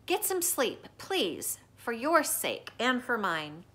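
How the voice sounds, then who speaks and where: A woman's voice: a little high, expressive, normal speed, sharp tone. A woman voicing a small, loyal male dog who is cheeky and fond, read from a storybook. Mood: coaxing.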